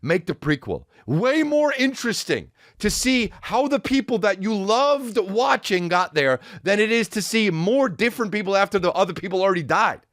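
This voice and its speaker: Man, podcast host, casual comedic rant, profane, rambling, lively pitch, dry close sound. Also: moderate pace, hardly any pauses, no echo. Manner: rambling, profane, animated, breaks into sung snippets.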